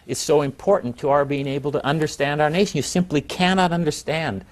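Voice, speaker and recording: A man's voice: fairly high pitch, steady tone, a little fast. Reflective male historian. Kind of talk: interview answers.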